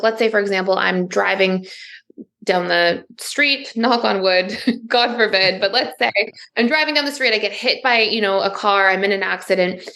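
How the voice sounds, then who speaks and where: A woman therapist appears as a podcast guest, her medium-pitched voice gravelly yet fairly bright. In explanatory interview talk, she lays out ideas fluently, using everyday examples and saying "like" a lot.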